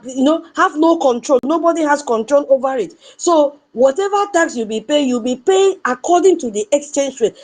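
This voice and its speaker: A woman's voice: high-pitched, darkish tone. A Nigerian woman giving an impassioned political commentary, repeating her points and asking her audience rhetorical questions.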